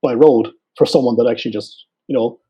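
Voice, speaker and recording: A man with a West Cork Irish accent, a photographer and guest, telling stories in relaxed casual chat with lots of fillers. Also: medium pitch, fairly quick, husky. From Ireland. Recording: dull lo-fi sound.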